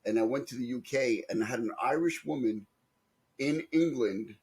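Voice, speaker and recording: A man's voice: mid-range voice, normal speed, darkish tone, slightly rough. A man with a Brooklyn accent, co-hosting a podcast and telling joking anecdotes in casual chat. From Brooklyn, New York. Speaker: podcast co-host.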